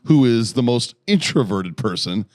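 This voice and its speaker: A man's voice: medium pitch, animated, normal speed, darkish tone, no echo, clean studio sound. A man co-hosting a podcast in casual chat, laid-back, chiming in often and swearing. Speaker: podcast co-host.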